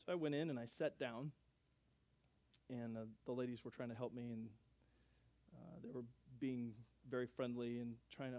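A middle-aged man, a pastor, telling a story in a sermon with animated, self-deprecating humor and acted-out dialogue. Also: mid-range voice, normal speed.

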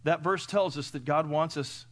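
A middle-aged man preaching a sermon in a folksy way, firing off rhetorical questions and swinging from loud to hushed. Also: on the high side, normal speed. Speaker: pastor.

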